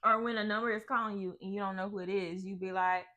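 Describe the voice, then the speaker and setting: A woman co-hosting a podcast, talking in a relaxed, rambling way with fillers. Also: mid-range voice, fast. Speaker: podcast co-host. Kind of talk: casual chat.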